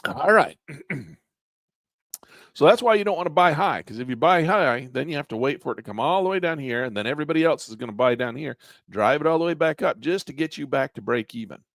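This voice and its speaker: A man teaching a live online trading class in a casual, folksy way, losing his voice and clearing his throat often, with quick asides that act out what traders think. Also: on the high side, expressive, fairly bright tone, no room sound, clean studio sound. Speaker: trading instructor. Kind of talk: live online class, walking through charts.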